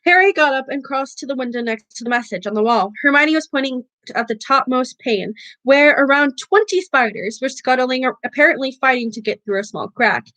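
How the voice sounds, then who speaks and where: A woman reads a novel aloud for a book club in a high voice. She stumbles and restarts words often, and the sound is close and dry. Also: pushed and bright, no echo. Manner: halting, with frequent restarts.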